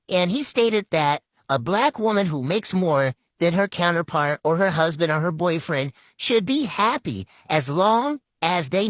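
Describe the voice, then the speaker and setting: A woman's voice: on the low side, no echo. A woman giving critical opinion commentary in an emphatic way, repeating herself for stress.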